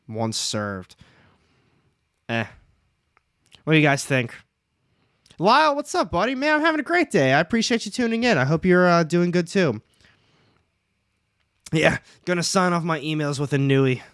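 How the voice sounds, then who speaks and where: A man's voice: medium pitch, fairly bright tone, smooth, no echo, clean studio sound. A young man hosting a casual comics livestream, chatting, reading out the chat and joking at his own expense. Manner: chatty, reads chat aloud, jokes at himself.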